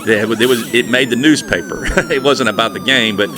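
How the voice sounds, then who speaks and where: A man's voice: mid-range voice, moderate pace, a crowd in the background. A man, reminiscing in a rambling, folksy way as host of a retro gaming channel. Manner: rambling, chatty, folksy storytelling. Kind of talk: nostalgic casual monologue.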